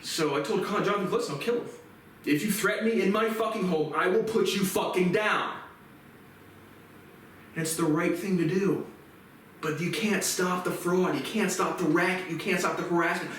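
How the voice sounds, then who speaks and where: A man in his twenties in an agitated, profane rant to camera, his voice rising into shouts. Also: a little high, slight background noise. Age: 20s. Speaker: vlogger. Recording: very echoey room, far from mic.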